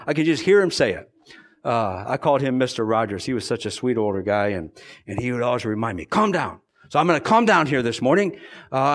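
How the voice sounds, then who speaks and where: A pastor preaching an earnest sermon, repeating phrases for emphasis and moving between slow, deliberate stretches and quick bursts. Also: male voice, medium pitch.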